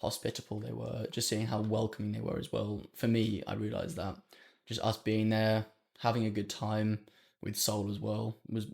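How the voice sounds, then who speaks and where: Gravelly, low-voiced man chatting. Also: monotone, normal speed, a little mellow. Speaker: podcast co-host. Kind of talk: casual chat.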